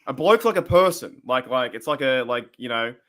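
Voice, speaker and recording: Australian male podcast guest, thirties, bright forceful tone, casual rambling chat. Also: medium pitch, lively intonation, normal speed.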